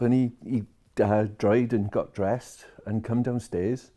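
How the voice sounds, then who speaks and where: A man's voice: medium pitch, steady tone, moderate pace, mellow. A man, a social care worker telling a story to camera and retelling each conversation line by line.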